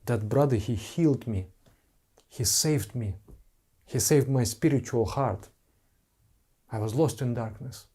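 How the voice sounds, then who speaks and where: A man's voice: medium pitch, measured pace, pauses often, mellow, husky. A man who is a spiritual teacher, giving an earnest, heartfelt devotional talk to followers in simple broken English.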